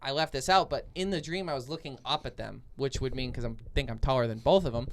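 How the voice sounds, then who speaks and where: A young man co-hosts a podcast, talking fast in a mid-range voice. He tells a long dream story in casual chat, full of fillers and restarts.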